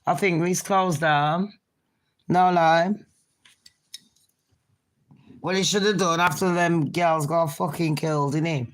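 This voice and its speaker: Slow, sweary woman ranting. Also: on the low side, steady tone. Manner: sweary, mocking, laughing at her own jokes. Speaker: commentary vlogger. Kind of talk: ranting commentary vlog.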